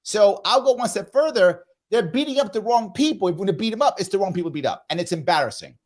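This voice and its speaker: A man's voice: high-pitched, animated, fast. A man hosting a live panel discussion, emphatic and agreeable, pressing his points. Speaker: host.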